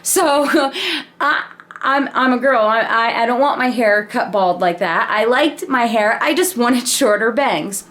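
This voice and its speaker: A woman telling a personal story in a casual, animated way, laughing and swearing freely. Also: on the high side, measured pace. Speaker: vlogger.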